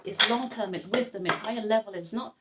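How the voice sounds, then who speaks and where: A woman's voice: mid-range voice, fairly quick, very noisy. Chatty woman doing a tarot reading, laughs a lot, calls everyone babes, rambly and playful. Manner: chatty and playful, laughing often, calling viewers babes and darling; rambling with frequent restarts. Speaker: tarot reader. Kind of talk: casual tarot reading monologue.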